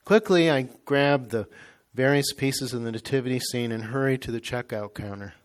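A man reading a devotional story aloud in a slow, measured, reverent way. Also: medium pitch. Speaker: reader.

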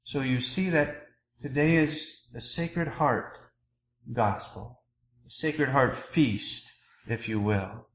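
A man preaching a sermon as a priest, earnest and measured, pausing between phrases. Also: medium pitch, roomy sound, low-quality recording. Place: church.

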